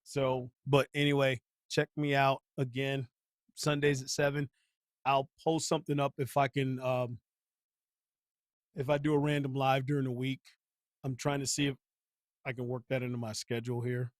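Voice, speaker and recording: This channel host's medium-pitched voice barely moves in pitch as he goes off on sports during a live stream at a normal speed. He's heated and blunt, full of slang and repetition. It's recorded at studio quality without echo.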